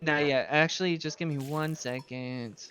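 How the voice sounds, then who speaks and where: A man's voice: a little high, steady tone, normal speed, pushed and bright, slight background noise. A man in a casual roleplay chat, training a new recruit as sheriff, rambling through stories, laughing often and swearing casually. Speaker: streamer playing a sheriff.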